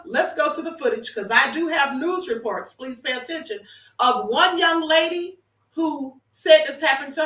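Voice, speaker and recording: A woman with a bright, sharp, high voice talks to her viewers in a casual commentary stream, emphatic and addressing them as honey. She sounds set back from the mic in an echoey room. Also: recorded from a distance. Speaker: livestream host. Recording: roomy echo, off-mic.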